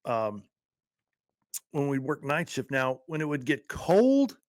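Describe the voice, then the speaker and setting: A man's voice: mid-range voice, very animated, slow, no room sound, studio quality. A middle-aged man and former patrol officer from Texas, co-hosting a casual podcast and telling stories in a laid-back way with easy laughter.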